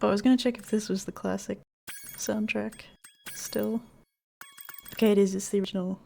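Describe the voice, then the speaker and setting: Giggly gravelly-voiced woman streamer. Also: medium pitch, fairly even intonation, a little fast, mellow, slight background noise. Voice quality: chatty, giggly, easily startled. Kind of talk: casual gameplay chat. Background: faint game music.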